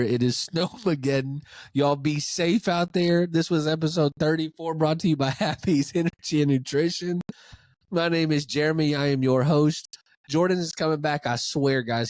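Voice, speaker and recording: A man's voice: mid-range voice, no echo. Laughing, incredulous man. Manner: incredulous, laughing, animated ranting. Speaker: podcast host. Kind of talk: casual sports podcast monologue.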